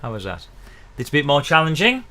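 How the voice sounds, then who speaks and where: A man's voice: a little high, wildly swooping pitch, brisk, sharp tone, soft background music. A middle-aged man, teaching ukulele in a chatty, encouraging livestream lesson, counting in the beats. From England. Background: faint ukulele playing.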